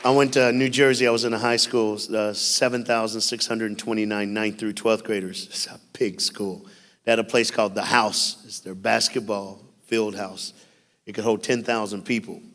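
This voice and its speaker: A man giving an animated, folksy school assembly speech as a motivational speaker, telling stories and checking in with the crowd. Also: lowish voice, normal speed. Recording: long hall reverb with faint music.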